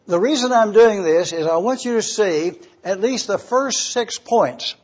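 An older man preaching a sermon, slowly asking questions and repeating his points. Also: high voice, lively intonation, a little mellow, slightly rough. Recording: dull lo-fi recording.

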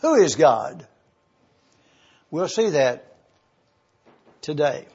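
A man with a high, husky voice preaches at an unhurried pace. He lays out each word with emphatic pauses, like a teacher walking through a text. The recording is dull and lo-fi. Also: sing-song, a little mellow. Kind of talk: sermon.

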